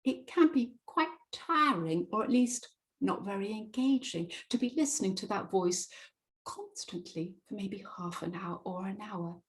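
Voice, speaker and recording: A British woman giving a webinar as a presentation skills coach, speaking deliberately with emphatic pauses and stressed words. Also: mid-range voice, poor audio. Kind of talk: webinar talk.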